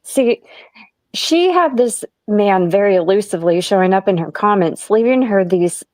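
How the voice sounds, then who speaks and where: A woman's voice: medium pitch, animated, moderate pace, a little mellow, dry recording. A woman telling a long gossip story in casual chat, rambling and laughing often between lines.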